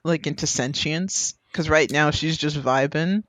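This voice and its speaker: A young man chats casually as a podcast co-host, his voice sitting a little high. He tells stories in an animated way. The sound is dry and close. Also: a little slow, no room sound. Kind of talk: casual chat.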